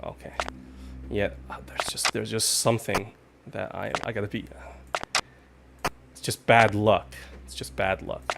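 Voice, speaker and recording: A man's voice: on the low side, level tone, measured pace, vocal fry, pauses often, very noisy. A man streaming a game live, chatting in a rambling way with sudden jumpy outbursts when startled. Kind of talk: casual live gaming commentary.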